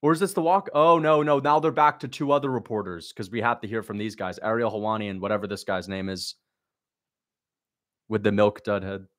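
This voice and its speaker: Reacting to a fight on his livestream, this young host talks fairly quickly in a lowish, fairly bright voice. His chat is casual, blunt and sarcastic as he reads viewer questions aloud and mocks the action.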